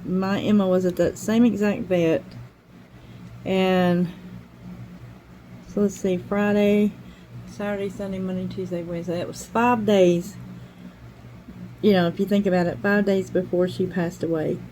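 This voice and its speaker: Older woman, craft channel host, rambling heartfelt chat, warm mellow voice, faint background noise. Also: mid-range voice, steady tone, unhurried, pauses often, rough recording. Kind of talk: casual chat while crafting.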